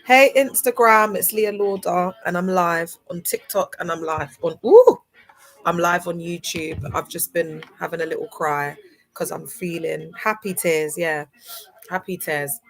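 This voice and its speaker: Young adult woman, lower voice, teary and sniffling, effusive livestream host. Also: a little slow, poor audio. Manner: tearful and effusive, greeting viewers by name. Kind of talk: emotional livestream chat.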